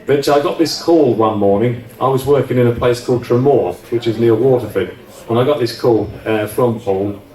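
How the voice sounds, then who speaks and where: A medium-pitched, slightly mellow voice at a normal pace belongs to a former offshore radio DJ being interviewed on stage. He reminisces casually and chattily, rambling and restarting often, and the distant mic gives a roomy sound.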